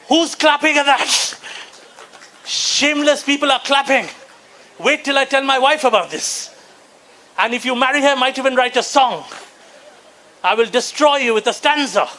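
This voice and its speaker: Brief: male comedian from Bengal, high pitch, bright edge, animated and mock-indignant. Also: moderate pace, long pauses, poor audio. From Bengal, India. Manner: animated, mock-indignant, bursts into shouting impressions. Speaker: stand-up comedian. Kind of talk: stand-up comedy set at a conference. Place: conference hall before a live audience.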